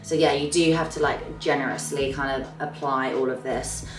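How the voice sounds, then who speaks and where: A woman's voice: a bass voice, steady tone, normal speed, far from the mic. A young woman chatting to camera about her monthly favourites, gushing and trailing off at the ends of phrases. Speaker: beauty vlogger. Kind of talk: casual chat to camera. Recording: roomy sound, slightly off mic, faint music.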